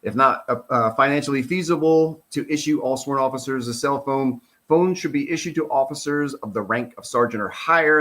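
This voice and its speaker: A middle-aged man, a retired police officer, giving casual, blunt and profane commentary while reading through a report. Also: medium pitch. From United States. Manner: blunt, profane, animated and heated.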